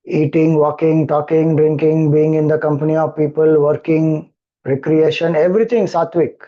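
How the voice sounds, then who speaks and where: A man's voice: a little high, fairly even intonation, normal speed, dull audio. A man with an Indian accent, a spiritual teacher explaining scripture, who keeps repeating verses and asking rhetorical questions. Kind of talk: scripture discourse.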